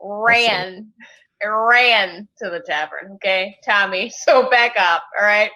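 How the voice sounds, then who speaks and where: A woman playing a character in a tabletop game, brash and playful, and quick to swear. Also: medium pitch, pushed and bright, rough recording. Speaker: player.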